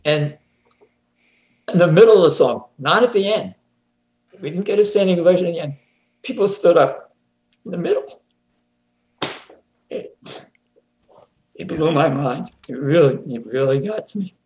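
A man chatting as a guest on a talk show, often chuckling and repeating words when he gets excited. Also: a little high, normal speed, pauses often. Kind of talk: casual conversation. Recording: roomy echo.

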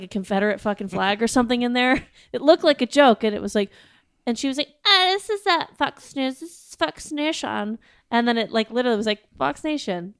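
A woman's voice: a little high, clean tone, no echo, studio quality. A woman chatting casually as a podcast co-host, wry and blunt, swearing casually and laughing often. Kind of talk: casual chat.

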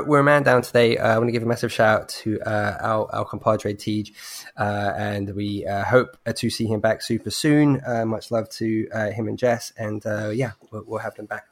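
A man hosting a casual podcast chat, often pausing with ums and uhs. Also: mid-range voice. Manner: hesitant, many ums and uhs. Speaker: podcast host.

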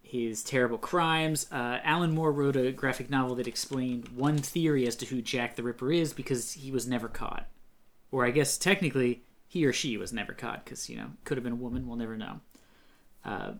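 In a brisk, medium-pitched voice that sits in an ordinary middle register, this podcast co-host rambles through casual conversation, drifting into tangents and bursting into laughter.

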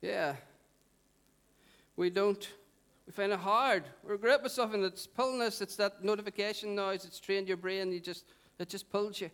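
A middle-aged man preaching a sermon, conversational and animated, putting questions to the congregation. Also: sits high, moderate pace, smooth. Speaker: pastor.

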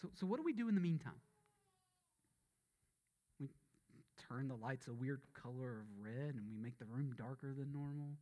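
A man's voice: expressive, moderate pace, pauses often, dark tone, muffled recording. Impassioned Southern-accented male preacher. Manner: impassioned, building to emphatic peaks then dropping low and solemn. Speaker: pastor. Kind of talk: sermon.

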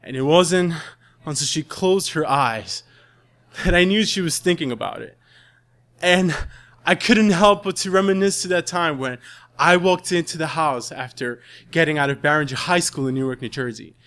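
A man's voice: fairly high pitch, moderate pace, fairly bright tone. A young man telling a personal story live, earnest and dramatic.

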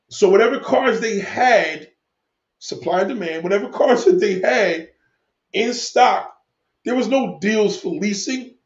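Man, high voice, heated profane rant, echoey room, dull lo-fi sound. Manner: heated, swearing, rambling. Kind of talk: profane rant to stream viewers.

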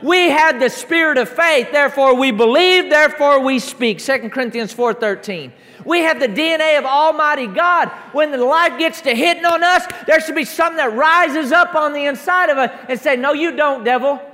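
A man preaching a sermon, emphatic, stacking repeated declarations that build up to shouts during a church service. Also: very high voice, moderate pace, hardly any pauses. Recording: long reverb of a large hall.

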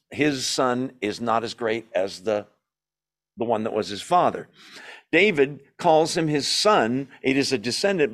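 A man leading a Bible study, teaching in a conversational, emphatic way, asking his listeners questions and making small jokes. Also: mid-range voice.

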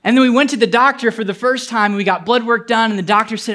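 A man's voice: very high-pitched, fairly even intonation, quick pace, sharp tone. Earnest man preaching a sermon. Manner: earnest, intimate storytelling that rises to fervent appeals. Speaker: pastor. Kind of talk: sermon with personal story.

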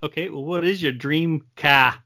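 A man hosting a casual interview, asking teasing questions in a relaxed way. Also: on the high side, normal speed. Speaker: podcast host.

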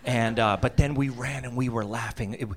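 A man in his fifties from Massachusetts spins a comic childhood tale in a voice of middling pitch. He laughs through his lines, and he breaks into little voices and sound effects as the story builds. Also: steady tone, moderate pace, a little hiss or hum. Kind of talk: comedic personal storytelling.

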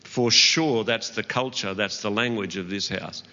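Bright-voiced male pastor preaching. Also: on the low side, a little slow. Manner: earnest, with light laughs and asides to the congregation. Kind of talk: sermon. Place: church auditorium. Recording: dull church hall recording with long reverb.

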